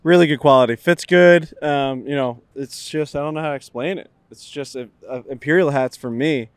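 A man's voice: on the high side, normal speed, clear, resonant tone, no echo. A man co-hosting a golf podcast outdoors at a range, chatting in a laid-back, slangy way. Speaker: podcast host. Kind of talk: casual chat.

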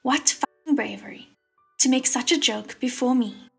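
A woman voicing a crude, mocking young male ghost king in an audiobook, slow and sneering, with a husky voice. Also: high voice, fairly bright tone, faint music behind, full character voice.

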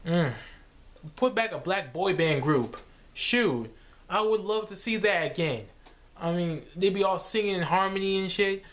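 A young man rambling casually to camera, his fairly high voice swinging up and down with lots of expression. He talks loosely and jumps into goofy voices as he goes. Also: unhurried, slight background noise. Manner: animated, jumps into silly voices and laughs. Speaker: vlogger.

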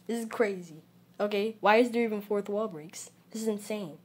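A woman giving casual gameplay commentary, excitable and prone to yelps and shouts at the game, recorded with a phone screen recorder. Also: mid-range voice, normal speed. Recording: game music playing underneath.

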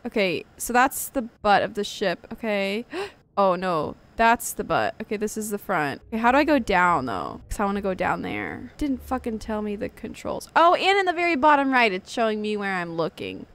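A woman's voice: mid-range voice, sing-song, normal speed, a bit bright. A woman streamer giving nervous, jumpy let's-play commentary, swearing often and gasping at every scare. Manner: jumpy, nervous, swears a lot, frequent gasps. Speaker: gaming streamer.

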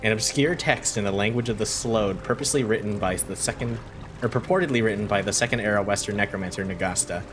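A man streaming a game, rambling and reacting loudly to surprises in casual commentary. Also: lowish voice, quick pace. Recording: game music behind voice.

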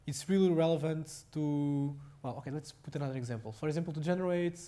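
Portuguese-accented male lecturer, halting delivery. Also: fairly high pitch, dark tone, clear, resonant tone. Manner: halting, many fillers and restarts. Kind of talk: technical lecture.

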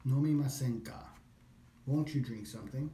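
A man practicing phrases along with a language course, repeating them slowly, thinking aloud and correcting himself. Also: mid-range voice, mellow, slight background noise. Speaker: language learner. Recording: echoey room.

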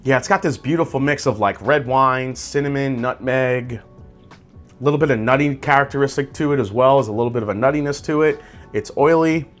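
A man hosting a casual whiskey tasting review, describing tasting notes aloud in a relaxed, conversational way. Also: mid-range voice, brisk, faint music behind. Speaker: whiskey reviewer, channel host.

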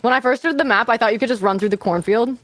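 A woman from Toronto playing in a group game stream, animated and self-mocking. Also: fairly high pitch, fast talker, faint music behind. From Toronto, Canada. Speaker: guest streamer. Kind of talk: casual livestream chat.

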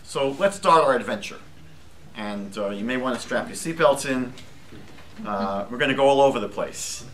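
A man teaching a live class as a rabbi, lively and chatty, posing questions to the group. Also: medium pitch, normal speed, slight background noise. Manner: lively, asks the class questions, jokes lightly.

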